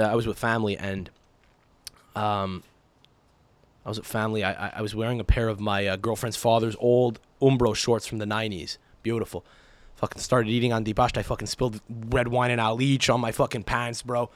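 A young male podcast host tells a long, profane story in casual, ranting fashion, mimicking its characters in shouty voices. His voice is on the low side and fairly quick, with no room sound, and his manner is animated.

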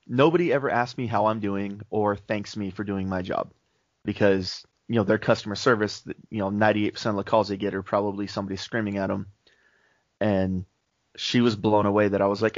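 Laid-back low-voiced podcast co-host man. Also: brisk, no echo. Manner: laid-back, relaxed storytelling. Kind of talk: casual faith-based podcast chat. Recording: dull lo-fi podcast mic.

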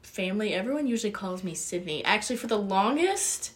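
A laid-back young woman with a medium-pitched voice, chatting casually as a podcast co-host. She tells her stories in a matter-of-fact way. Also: expressive, fairly quick. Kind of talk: casual chat.

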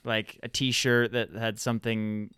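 A man's voice: on the low side, level tone, measured pace, fairly bright tone, clear, resonant tone, dry recording. A young man from California in a casual chat, laid-back and filling his talk with "like". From Central or Southern California. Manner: laid-back, says "like" often. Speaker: conversation participant.

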